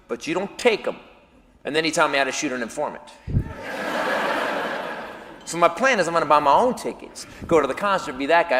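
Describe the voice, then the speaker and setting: A man telling a stand-up comedy story, animated and yelling his punchlines. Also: fairly high pitch, a little fast, in a large hall.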